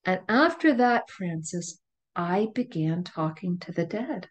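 Animated storytelling woman guest. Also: on the low side, takes it slowly. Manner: animated, laughs often, vivid retelling. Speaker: podcast guest. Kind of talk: storytelling in conversation.

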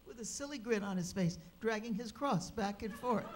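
A woman speaker at a religious gathering, telling an anecdote in a lively, animated way with humorous asides. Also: medium pitch, normal speed, hardly any pauses, background noise. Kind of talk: anecdotal storytelling. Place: live gathering hall.

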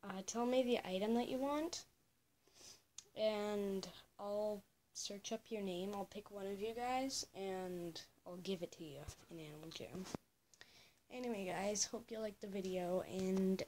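A young teenage girl rambling in a casual home vlog, drifting into soft whispered asides and cooing high at her pet. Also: slight background noise. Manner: high coo when talking to her pet. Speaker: vlogger. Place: home room.

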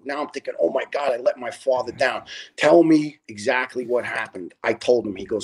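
A middle-aged man tells stories as a podcast guest. His voice sits at an ordinary middle pitch, and he swears freely as he acts out the back-and-forth of old arguments. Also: fairly quick, breathy edge. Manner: animated, profane storyteller who acts out dialogue. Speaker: podcast guest, retired fire lieutenant. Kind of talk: casual storytelling.

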